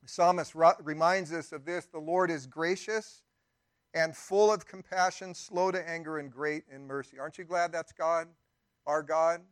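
A man's voice: a little high, steady tone, normal speed, no room sound, studio quality. A man pastor preaching a sermon in a conversational way, with emphatic rises and friendly asides.

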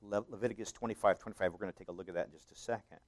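Brief: male pastor, lowish voice, emphatic sermon delivery with loud swells. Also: rapid-fire. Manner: emphatic, with dramatic swells on scripture quotes; rambling with frequent fillers and restarts.

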